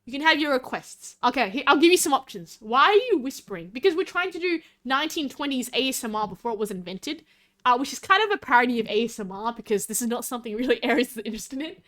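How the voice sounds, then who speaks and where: A young woman chatting on a livestream in a high, lively voice that swings all over. She rambles, giggles and fills every pause with "like." Now and then she drops into a loud whisper. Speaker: vtuber streamer. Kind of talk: casual livestream chat.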